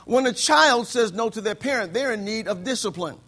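A preacher delivers his sermon in a high voice, asking for amens again and again. He keeps it conversational and slips into quick voices for his anecdotes. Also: lively intonation, pushed and bright. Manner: call-and-response preaching, frequent amens, acts out voices in anecdotes. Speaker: pastor.

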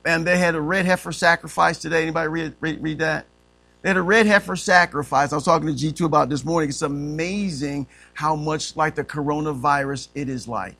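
A man's voice: fairly high pitch, fairly even intonation, brisk, creaky, pushed and bright. A man preaching a sermon who stops to ask the congregation to fill in words and stretches out the key phrases for emphasis. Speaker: pastor.

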